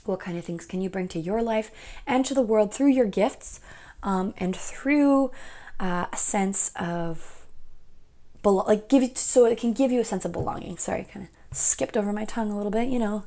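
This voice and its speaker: A woman's voice: medium pitch, normal speed, warm tone. A young woman giving a casual pick-a-card tarot reading, chatty and rambling, often laughing at herself.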